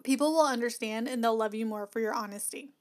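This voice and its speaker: This woman speaks fast at a fairly high pitch. A chatty, upbeat podcast host and business coach, she offers casual motivational encouragement and laughs a lot, recorded on a podcast mic running into an audio box.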